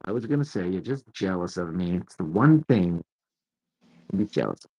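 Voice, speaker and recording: Man, husky voice, casual chat, relaxed joking banter. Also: low voice, moderate pace, lo-fi sound. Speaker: co-host, artist reading chat. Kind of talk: casual chat while inking.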